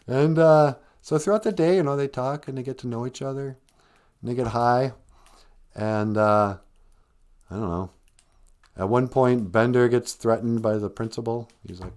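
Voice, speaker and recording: A man's voice: mid-range voice, normal speed, darkish tone. A man hosting a live stream, retelling a film in a rambling, chatty way. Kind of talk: casual storytelling.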